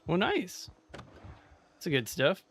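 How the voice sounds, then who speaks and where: A man's voice: high voice, wildly swooping pitch, takes it slowly, gravelly, a bit bright, slight background noise. A man streaming a game live, chatting casually with viewers as he plays. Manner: chatty, talks to chat while playing. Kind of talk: casual live gameplay commentary.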